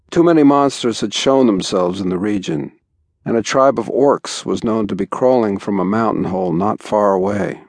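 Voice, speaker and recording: A man narrating an audiobook in an even, understated way, recorded in a studio. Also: medium pitch, dry recording. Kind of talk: scripted narration.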